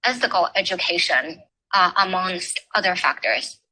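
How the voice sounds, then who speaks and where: A woman giving an academic talk at a forum, speaking haltingly with many filler pauses. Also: on the low side, animated, pushed and bright, low-quality recording. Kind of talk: academic talk on education history.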